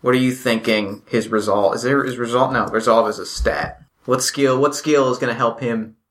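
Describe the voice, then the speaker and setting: Bright-voiced man running a tabletop game. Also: medium pitch, fairly even intonation, moderate pace. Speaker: game master.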